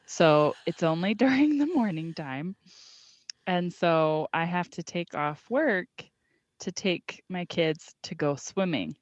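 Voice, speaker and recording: A woman's voice: lowish voice, lively intonation, slow pace, no room sound. Woman co-host in her 30s, frank rambling chat, dry and muffled podcast sound. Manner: rambling, frank, laughs mid-sentence. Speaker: podcast co-host, working mom. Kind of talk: casual chat. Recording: dull lo-fi podcast audio.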